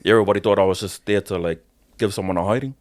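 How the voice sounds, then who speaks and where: Kiwi guy w a lowish voice, wrestler on a podcast, super casual, lots of bro and swearing. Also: very fast. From New Zealand. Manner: loose slangy talk, swears often, says "bro". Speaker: professional wrestler, podcast guest. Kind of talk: casual interview storytelling.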